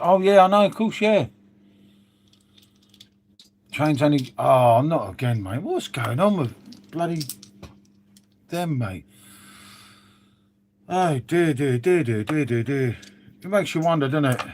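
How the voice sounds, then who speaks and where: A man's voice: a little high, a little hiss or hum. A man chatting casually on a live stream, reading out viewer comments with lots of "mate" and "um".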